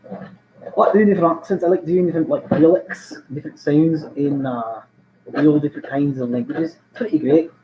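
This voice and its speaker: A man's voice: a little high, normal speed, dull audio, background noise. A man chatting casually with viewers on a livestream while building something, rambling and joking as he goes. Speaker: streamer.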